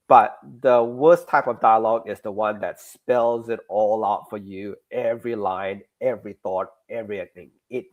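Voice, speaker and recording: Man, interview guest, mid-pitched voice, casual, animated, restarts sentences. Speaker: guest comics creator.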